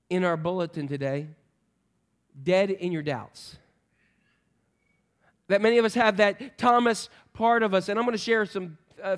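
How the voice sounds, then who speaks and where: A man preaching a sermon in a chatty, joking way, putting questions to the congregation. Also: sits high. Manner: conversational, joking, quizzes the congregation. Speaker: pastor.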